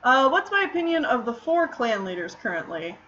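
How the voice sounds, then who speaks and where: A woman's voice: a little high, big pitch swings, fairly quick, pushed and bright, highs cut off, a little hiss or hum. A woman streamer chatting casually while drawing, answering questions in a rambling way with lots of fillers.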